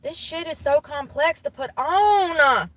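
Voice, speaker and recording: A woman's voice: high-pitched, animated, takes it slowly, poor audio. A woman vlogging from inside a car, ranting bluntly with lots of swearing. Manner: profane, blunt, exasperated ranting. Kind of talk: casual ranting vlog.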